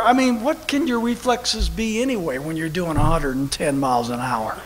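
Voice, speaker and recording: A man preaching a sermon at a church service, telling a story with lively, animated delivery that bursts into shouting. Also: fairly high pitch, normal speed, few pauses. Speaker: pastor. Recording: long hall reverb with faint noise.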